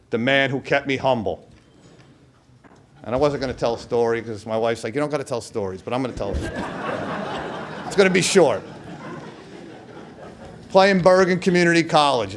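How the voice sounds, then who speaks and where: A middle-aged man giving a hall of fame acceptance speech, telling stories and acting out what his old coach shouted. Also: medium pitch. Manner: storytelling, acts out quoted coach with loud outbursts. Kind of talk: speech at a podium.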